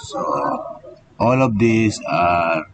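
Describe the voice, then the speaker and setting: A man's voice: on the low side, lively intonation, very slow, slight background noise. A man, an engineering professor, giving a live online lecture and explaining step by step, with many "okay" and "so" fillers.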